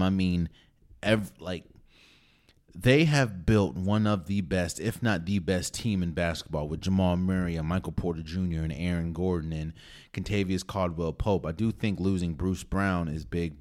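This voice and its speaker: A man's voice: sits low, darkish tone. A man hosting a podcast, talking through his sports opinions casually and emphatically, with frequent restarts. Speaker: podcast host.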